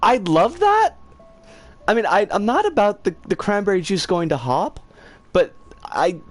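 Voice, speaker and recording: Animated, giggly streamer chatting with viewers. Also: mid-range voice, a little slow, no room sound, faint music behind. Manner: chatty, giggly, swears when frustrated. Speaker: livestreamer reading chat. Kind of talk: casual stream chatter while gaming.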